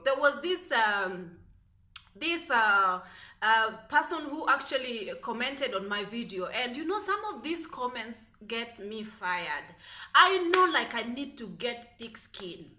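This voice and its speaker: A woman talking in a casual, chatty vlog, sassy and animated, full of fillers, English not her first language, filming herself with a phone. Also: a little high. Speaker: vlogger. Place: apartment in the United Arab Emirates. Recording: echoey room, faint music.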